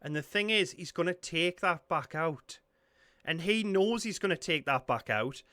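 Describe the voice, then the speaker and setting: A young man with a Geordie accent, reacting to a film with excitable, sweary commentary. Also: on the high side, moderate pace. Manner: excitable, sweary, blurts out shock. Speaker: reaction video host.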